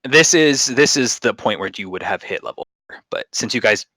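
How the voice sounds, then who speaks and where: A man's voice: mid-range voice, lively intonation, moderate pace, bright, forceful tone, no room sound, rough recording. A man running a tabletop game as game master, narrating loosely and jokingly. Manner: loose, joking, rambling with fillers.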